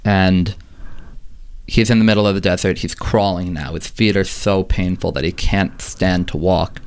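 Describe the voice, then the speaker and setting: A man casually telling a dramatic story to a friend, relaxed with dramatic pauses and fillers. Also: low-pitched, clear, resonant tone.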